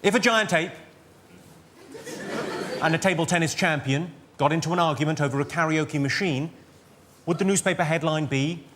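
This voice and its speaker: A man doing live stand-up comedy on a theatre stage, delivering crude deadpan one-liners and chatting with the crowd. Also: fairly high pitch, moderate pace, long pauses. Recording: loud audience noise at a live show. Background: audience laughter.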